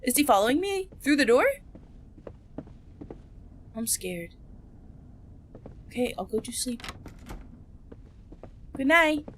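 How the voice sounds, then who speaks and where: During a casual horror-game stream, a young woman with a high, slightly bright voice chats playfully with her audience, very animated yet slow and given to long pauses. She hums and sings along to faint game music and keeps breaking into squeals, with a little background noise in the recording.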